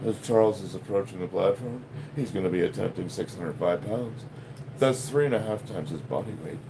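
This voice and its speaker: A man in his fifties mimicking a quiet, formal announcer at a powerlifting meet, in a mocking tone. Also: low voice, a little fast, creaky, noisy background, pitched below the performer's own voice. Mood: mock-solemn. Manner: quiet, formal, mock-solemn. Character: hushed, solemn male meet announcer.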